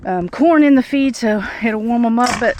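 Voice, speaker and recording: A woman's voice: a little high, moderate pace, a little mellow, slight background noise. A woman, out of breath, chatting casually as she feeds her animals outdoors on a snowy farm, filmed on a tripod camera. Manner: chatty, talks to animals, thinks aloud. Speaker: homesteader vlogger. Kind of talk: casual narration while doing farm chores.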